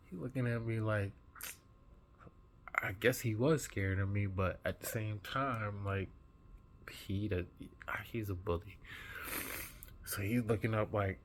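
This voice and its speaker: A man who has just woken up, earnestly retelling a dream in a vlog with an animated manner. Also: fairly low pitch, slow pace, long pauses. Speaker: vlogger. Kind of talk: recounting a dream.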